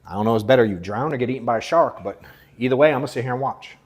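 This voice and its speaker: A man in his thirties running a live sales coaching session, blunt and profane, moving between forceful emphasis and low, quiet asides. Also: racing, slightly rough.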